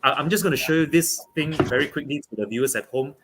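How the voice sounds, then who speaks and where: Man, young adult, from Malaysia, casual football chat, halting, many fillers, restarts. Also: on the high side, over music. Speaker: guest pundit.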